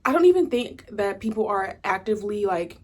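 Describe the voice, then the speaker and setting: A woman's voice: mid-range voice, expressive, brisk. A young woman from the States, giving a casual pick-a-card tarot reading in a chatty, rambling way full of "like" and "you know". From Southern United States. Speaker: tarot reader.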